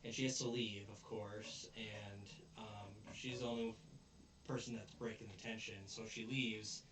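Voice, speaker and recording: A man's voice: fairly low pitch, little pitch movement, measured pace. A man casually retelling an anime episode as a show host, rambling and briefly putting on character voices. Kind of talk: casual recap chat. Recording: roomy, distant mic with faint noise.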